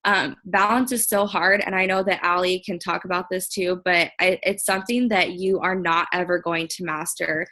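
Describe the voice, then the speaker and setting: Young woman, bright clear tone, earnest casual chat, lots of "like" and "um", video call. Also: lowish voice, fairly even intonation, normal speed, hardly any pauses, poor audio. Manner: chatty, filler-heavy, earnest. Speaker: team leader on a group video call.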